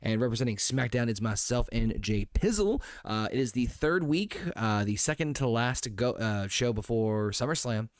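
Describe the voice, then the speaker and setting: Man, stream host, casual profane chat, animated pitch, dry close mic. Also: moderate pace, few pauses, clean tone, no echo. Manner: loud, profane and joking.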